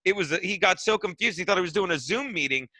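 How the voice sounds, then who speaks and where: A man's voice: sits high, expressive, fast talker, sharp tone, no room sound. A middle-aged man, a comedian guest, rambling through profane stories in casual podcast chat. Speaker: guest comedian and radio host.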